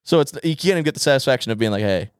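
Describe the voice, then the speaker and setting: A man's voice: a little high, lively intonation, racing, smooth, no room sound, studio quality. A young man in casual podcast chat, rambling through a funny story, swearing and laughing often. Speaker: podcast co-host.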